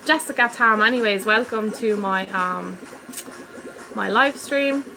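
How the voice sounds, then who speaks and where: A woman from Ireland with a Dublin accent, chatting casually on a live stream and answering viewer comments with excited warmth. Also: mid-range voice, measured pace, vocal fry, faint music behind, low-quality recording. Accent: Dublin Irish. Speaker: fish-keeping live streamer.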